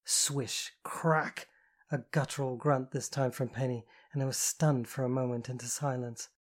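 An audiobook narrator telling a first-person story. The delivery is even and intimate, with a steady voice of middling pitch. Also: brisk.

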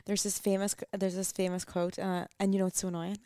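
A woman hosting a podcast, telling stories in a lively, casual way and swearing now and then. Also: mid-range voice, fast talker, no room sound, studio quality. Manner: animated storytelling, swears casually. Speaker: podcast host. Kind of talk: casual chat.

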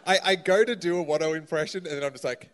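A man co-hosting a podcast, tossing quick quips with stammering restarts. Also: a little high, a crowd in the background. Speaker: podcast co-host. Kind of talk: casual chat.

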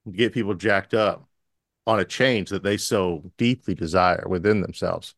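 A man's voice: deep voice, moderate pace, fairly bright tone, no echo, studio quality. A man co-hosting a podcast, riffing sardonically in casual comedic banter with mock-grand phrasing. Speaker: podcast co-host.

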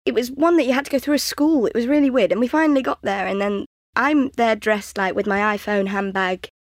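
A young woman tells a story as a podcast guest, laughing often and acting out what people said. Her voice sits a little high. The recording is dry and close. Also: a little fast, no room sound. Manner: lively storyteller, acts out quotes, laughs a lot. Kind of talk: casual comedy chat.

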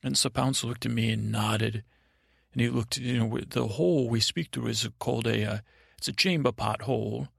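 A man's voice: mid-range voice, normal speed, gravelly, no room sound, clean studio sound. A man hosting a sleep podcast, telling a meandering bedtime story in character, with hesitant, wandering phrasing. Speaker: podcast host.

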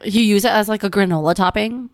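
A young woman co-hosting a podcast, chatting casually. She speaks her opinions plainly and laughs easily in a relaxed, conversational manner. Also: medium pitch, fast talker. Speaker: podcast co-host. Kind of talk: casual chat.

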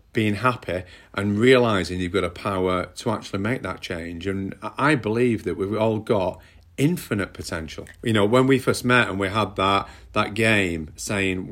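Male co-host, low voice, earnest and explanatory. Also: fairly bright tone. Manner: earnest, repeats words when explaining. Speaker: co-host and workshop leader. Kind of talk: casual podcast chat.

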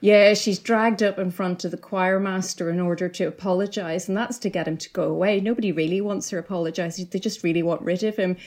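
Middle-aged Northern Irish woman, novelist guest, earnest and thoughtful, lowish voice. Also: steady tone, brisk, few pauses, darkish tone. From Northern Ireland. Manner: earnest, reflective, with frequent restarts. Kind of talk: interview conversation.

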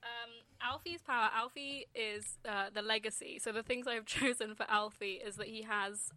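A woman tabletop player, describing her character in a relaxed way with fillers. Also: a little high, moderate pace. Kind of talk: casual chat describing a character.

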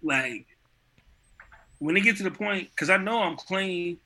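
A man's voice: high-pitched, unhurried, pushed and bright. A man chatting casually on a podcast in loose, slangy speech. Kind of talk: casual chat.

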